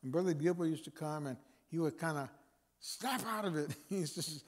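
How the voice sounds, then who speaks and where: A man's voice: on the high side, normal speed. A man speaking as a guest chaplain, preaching informally to a men's meeting with repeated phrases and fillers. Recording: long reverb of a hall.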